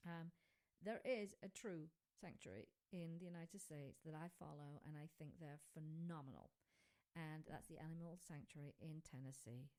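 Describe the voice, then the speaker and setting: A woman's voice: deep voice, moderate pace, darkish tone. A woman hosting a radio show in casual, chatty talk with many fillers, speaking into a desk microphone. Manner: chatty, rambling, with frequent fillers.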